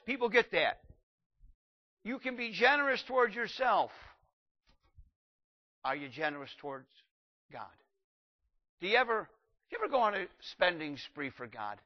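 Animated older male preacher, lo-fi sound. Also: high-pitched. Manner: animated, shouts acted quotes, reads scripture slowly. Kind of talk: sermon.

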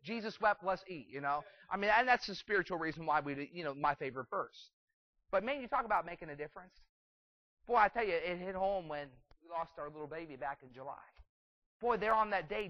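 A man delivers a sermon in a high voice, emphatic and rambling, with frequent restarts and fillers. The recording is dull and lo-fi, with a dry sound. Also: dry recording. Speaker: preacher.

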